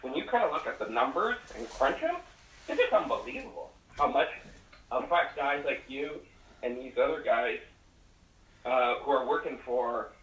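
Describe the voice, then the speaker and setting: A man's voice: mid-range voice, fairly bright tone. A man calling in to a livestream, praising the host in an effusive, rambling way with many fillers. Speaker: caller. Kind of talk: phone-in call. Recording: roomy, distant phone call.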